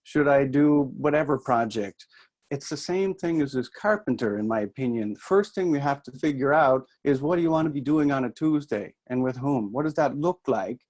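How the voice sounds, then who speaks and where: A man's voice: medium pitch, expressive, moderate pace, darkish tone. A middle-aged man from New Brunswick with a mixed Canadian-Irish accent, giving a chatty, self-deprecating workshop talk to an audience. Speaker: workshop speaker.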